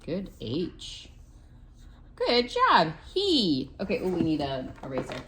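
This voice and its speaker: A woman's voice: on the low side, wildly swooping pitch, a little slow, a bit bright. A young woman teaching her child at home, patient and full of praise, now and then talking to the viewers. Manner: encouraging, patient, lots of praise. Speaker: homeschooling mother. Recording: faint background noise.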